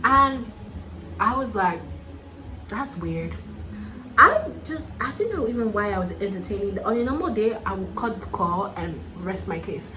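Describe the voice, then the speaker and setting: Her mid-range voice expressive and her pace moderate, a young Nigerian YouTuber with a Nigerian accent keeps up casual, sassy get-ready-with-me chatter, laughing often and calling the viewer "honey." The audio is reverberant with background noise.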